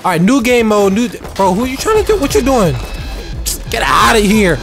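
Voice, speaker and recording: Excitable gamer, whooping and trash-talking, gameplay commentary, swooping lively pitch, faint game music behind. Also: moderate pace. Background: faint game music and gunfire.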